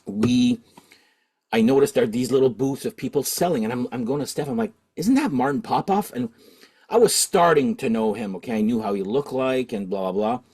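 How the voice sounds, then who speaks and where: A middle-aged Canadian man who hosts a record-collecting channel tells a rambling, casual story full of fillers and restarts. His mid-range voice is brisk and a little mellow, with a breathy edge.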